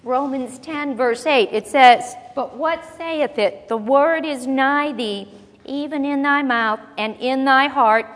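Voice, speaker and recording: Woman preacher, fairly high voice, conversational sermon, long hall reverb. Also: fairly bright tone. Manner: conversational, asks the congregation questions; slows down to read scripture aloud. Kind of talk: sermon Bible teaching.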